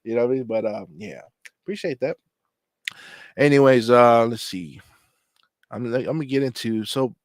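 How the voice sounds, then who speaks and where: An adult man hosts his own channel, chatting loosely and ramblingly with people joining his live chat. His voice is lowish, with no echo.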